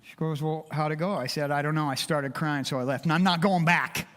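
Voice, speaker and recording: Older man, slightly high voice, heartfelt and emotional testimony, echoing church hall. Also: steady tone, brisk, fairly bright tone. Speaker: church member giving a testimony. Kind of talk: personal testimony to a congregation. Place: church sanctuary. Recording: long reverb of a church hall.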